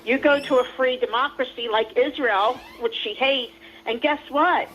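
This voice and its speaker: A woman's voice: high-pitched, moderate pace, muffled recording, slight background noise. A woman calling into a livestream, ranting indignantly and repeating herself. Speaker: call-in guest. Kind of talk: heated ranting on a stream call.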